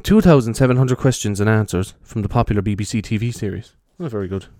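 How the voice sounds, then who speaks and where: An Irish podcaster with a fairly low voice talks fast, rambling in a soft, half-whispered ASMR style as he walks around his bedroom carrying a handheld mic. He's chatty and meandering, swearing freely. The recording is dry and of studio quality.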